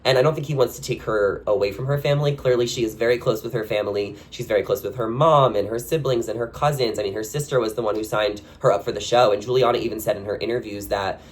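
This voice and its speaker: A man hosting a reality TV commentary channel, talking casually and gossipily with lots of "like" fillers and sudden jumps in pitch on his questions. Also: quick pace, hardly any pauses. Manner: chatty and gossipy, with frequent "like" fillers. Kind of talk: casual opinion commentary to camera.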